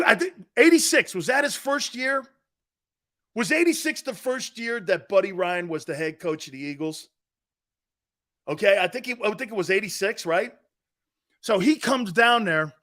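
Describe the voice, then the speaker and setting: A man in his fifties, a sports talk host, telling stories in an excitable, rambling way and laughing often. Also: sits high, unhurried, long pauses. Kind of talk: animated storytelling.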